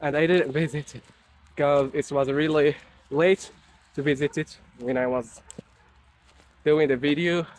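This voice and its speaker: A young man from Morocco chatting casually while walking through a forest on a rainy day, halting and searching for words in English. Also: a little high, steady tone, a little hiss or hum. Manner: soft, unhurried talk while walking. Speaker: nature vlogger. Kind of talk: casual walking vlog chat.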